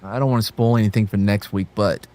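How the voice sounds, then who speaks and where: A man's voice: on the low side, fairly even intonation, quick pace, a little mellow. A man hosting a casual group chat show, joking, swearing and trading banter. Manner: joking, swearing, does silly voices in quotes. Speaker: host of a group history show.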